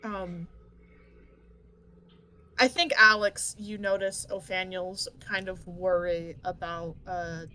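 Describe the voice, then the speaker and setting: A woman running a tabletop game as game master, speaking slowly with many pauses and ums. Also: lowish voice, fairly even intonation, bright, forceful tone, a little hiss or hum. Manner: slow and halting, many ums.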